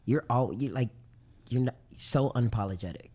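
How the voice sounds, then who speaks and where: A male guest in a casual podcast chat, talking in a laid-back, smooth way. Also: mid-range voice, a little fast, darkish tone.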